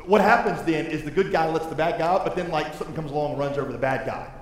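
A male pastor preaching a sermon in a big church, talking in a loose, conversational way that swings between soft and loud. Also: a little high, fast. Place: large church sanctuary. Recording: echoey hall with faint noise.

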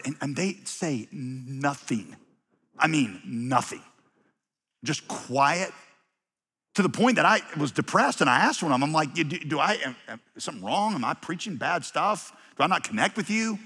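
A man's voice: fairly high pitch, sharp tone, big-room sound. A man preaching a sermon to his congregation, telling funny stories with stumbles and restarts. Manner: humorous storytelling with many restarts. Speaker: pastor.

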